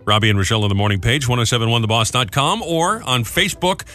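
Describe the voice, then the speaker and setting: A man co-hosting a morning radio show, his voice bright and clear. He banters and jokes as he reads out the segments and the phone numbers. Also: mid-range voice, fast, faint music behind. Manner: jokey, plays host and runs segments.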